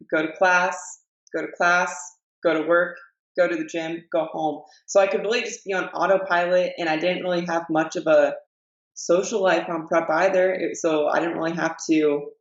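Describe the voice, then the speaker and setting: Chatty young woman in a roomy, dull recording. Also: fairly low pitch. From American Midwest. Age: 20s. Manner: relaxed, chatty, lots of "like" fillers. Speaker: podcast guest. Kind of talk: casual podcast interview.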